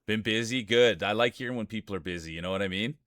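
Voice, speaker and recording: A man with a Canadian accent streams live, chatty and jokey, greeting viewers by name while commentating a marble race. His voice is on the low side, a bit bright and quick, with a dry, studio-quality recording.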